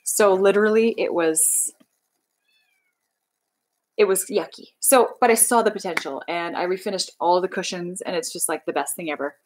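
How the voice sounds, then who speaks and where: A fairly low-pitched female voice at normal speed comes through a rough recording. The speaker, a young Canadian livestream host, chats casually and bubbly, rambling as she reads out viewer comments.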